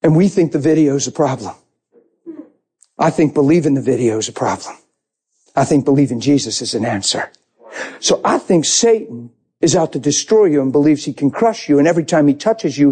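Passionate preacher, dark husky voice. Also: male voice, a little high. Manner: passionate storytelling, animated. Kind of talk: sermon.

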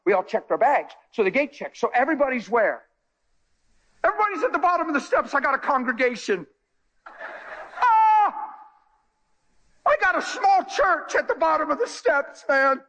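A male preacher telling a story in a sermon, excitable, jumping between loud high bursts and low quiet asides. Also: a little fast. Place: church.

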